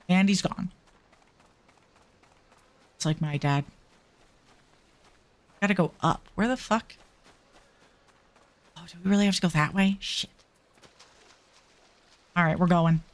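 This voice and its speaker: A woman's voice: fairly low pitch, slow pace, long pauses. A woman playing a video game, casually commenting, reading quest dialogue aloud and swearing with wry asides. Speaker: gaming streamer. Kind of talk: casual let's-play commentary.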